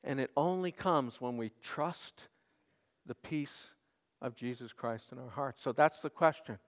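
Earnest pastor preaching in a reverberant hall. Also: male voice, medium pitch, a little slow. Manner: earnest, builds to emphatic peaks then drops soft. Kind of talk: sermon. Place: church sanctuary.

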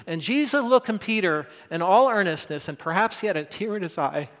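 Man preaching, earnest conversational sermon, slightly high voice, long hall reverb. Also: expressive, a little fast, a bit bright. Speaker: pastor. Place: church sanctuary.

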